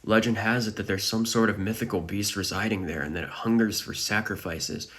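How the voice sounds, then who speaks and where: A man's voice: fairly low pitch, steady tone, fairly quick, fairly bright tone, close to an everyday voice. A man voicing a superstitious male sailor warning of a cursed sea. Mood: ominous.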